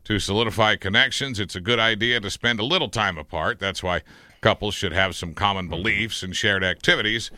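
Sharp, very bright low male voice. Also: brisk, dry recording. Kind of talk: casual chat.

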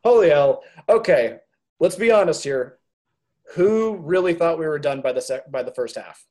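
A man hosting a sports podcast in excited, loud casual chat, laughing often. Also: fairly high pitch, normal speed. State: voice strained from shouting. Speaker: podcast host.

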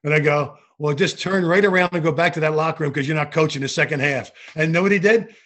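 An older man, a retired basketball referee, telling animated stories from his career in an interview. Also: a little high, quick pace. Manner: animated anecdotal storytelling with frequent restarts. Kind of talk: storytelling interview.

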